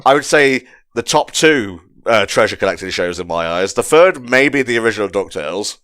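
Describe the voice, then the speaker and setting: Low-voiced man joking through a commentary. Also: expressive, fairly quick, a bit bright, dry recording, studio quality. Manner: joking, chatty, swears casually. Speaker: commentary host. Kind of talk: casual audio commentary.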